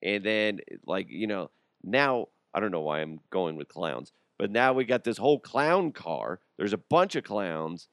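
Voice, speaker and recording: Young man, podcast host, low voice, dry close sound, joking monologue, laughs a lot. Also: sing-song, measured pace, no echo. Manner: jokey, riffing, laughs often, acts out voices. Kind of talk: casual comedic monologue.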